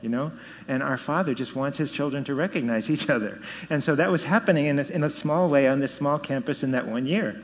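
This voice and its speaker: A middle-aged man tells his story of faith in a lively, storytelling way, his voice rising when he stresses a point. His voice sits at an ordinary pitch and carries a long reverb, as if he were speaking in a large hall. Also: fairly quick. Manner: animated storytelling with laughs and rising emphasis. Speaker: speaker giving testimony. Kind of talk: personal testimony.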